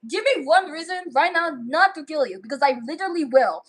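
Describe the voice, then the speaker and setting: A woman's voice: high-pitched, expressive, brisk, pushed and bright. A woman voicing Yelena, a tough protective sister. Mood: stern. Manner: commanding, threatening.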